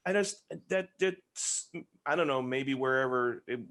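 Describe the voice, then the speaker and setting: A man hosting a podcast, reviewing a film in casual chat and telling it as an animated, joking story. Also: mid-range voice, a little slow, a little hiss or hum. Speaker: podcast host.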